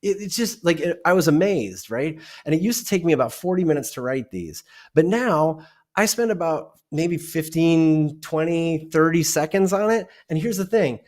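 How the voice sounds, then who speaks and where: Male keynote-speaker guest, fairly high voice, lively delivery acting out exchanges. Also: normal speed. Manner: animated, acts out dialogues. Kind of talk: conversational interview.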